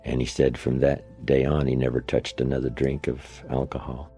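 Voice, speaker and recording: A man's voice: a bass voice, monotone, normal speed, mellow, breathy edge, faint music behind. An older man giving a motivational speech, telling stories in a conversational, anecdotal way with tag questions. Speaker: motivational speaker. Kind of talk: storytelling speech. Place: lecture setting, played from an archive recording.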